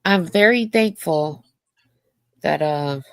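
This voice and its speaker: A woman with a stuffed-up, congested voice chats casually on a livestream. Her tone is gravelly with a lot of vocal fry, and the sound is dry and close. She stays playful and laughs easily. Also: deep voice, slow pace, no echo.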